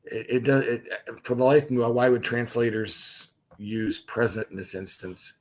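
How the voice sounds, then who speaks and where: A man's voice: mid-range voice, normal speed. A man hosting a casual livestream Bible study, reading scripture aloud and stopping for chatty asides.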